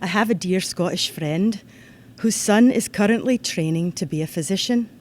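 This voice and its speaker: A woman giving a formal ceremony address to students, in an earnest, measured way that turns lively when she tells a story. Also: medium pitch. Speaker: ceremony speaker. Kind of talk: formal commencement-style address.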